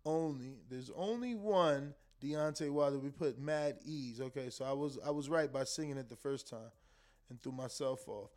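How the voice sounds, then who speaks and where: High-voiced man chatting boxing with his stream. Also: very animated, moderate pace, faint music behind. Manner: loose and conversational, swears, repeats words, argues with the chat. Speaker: live stream host reading super chats. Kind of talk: casual boxing talk on a live stream.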